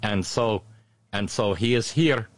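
A man's voice: on the low side, takes it slowly. A man putting on a mock Russian accent to voice a stern, matter-of-fact Russian wife.

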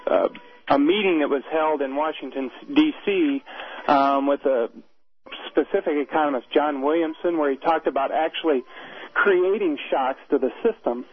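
A man's voice: a little high, normal speed, breathy edge. Hesitant male caller on the phone. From Iowa. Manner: hesitant, with many fillers. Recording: tinny phone line.

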